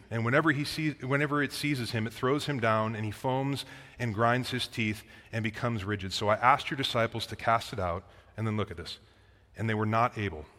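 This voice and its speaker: The pastor's voice is medium in pitch and fairly bright as he reads scripture and explains it in a conversational sermon. His words echo with the long reverb of a hall.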